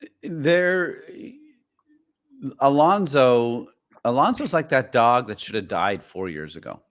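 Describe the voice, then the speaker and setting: A man's voice: mid-range voice, very animated, measured pace. A man co-hosting a podcast in casual chat, rambling and opinionated, full of fillers. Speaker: podcast co-host.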